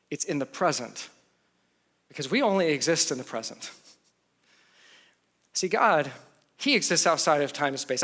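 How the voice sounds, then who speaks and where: A man preaching a sermon in a bright, forceful voice pitched a little high. He talks conversationally, jokes with his listeners, and acts out quotes as he teaches. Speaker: pastor.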